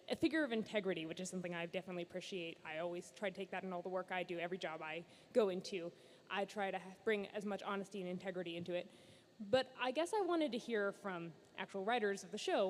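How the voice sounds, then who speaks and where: An earnest woman asks a convention panel a question, hesitant and leaning on fillers. Her voice sits at a middle pitch. Long hall reverb and a faint noise sit behind her. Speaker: fan asking a question.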